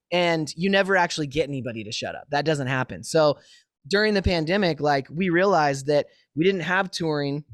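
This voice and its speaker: A male musician being interviewed over a remote call from his home studio, telling stories in a lively, easily laughing way. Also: fairly high pitch, no room sound. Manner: animated storyteller, laughs easily. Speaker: musician guest. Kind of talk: casual interview chat.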